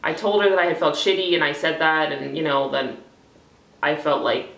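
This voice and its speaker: Low, gravelly young woman vlogging in an echoey room. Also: normal speed, fairly bright tone. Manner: rambling, candid, swears freely, many fillers. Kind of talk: casual talking-head vlog. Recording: echoey room, voice a bit far from the mic.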